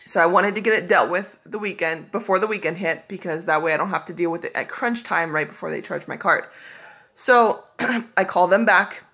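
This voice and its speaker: A woman's voice: lowish voice, brisk, sharp tone, slightly rough. A woman vlogging in a casual storytelling style, recounting a run of phone calls with frustration and exasperation. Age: adult.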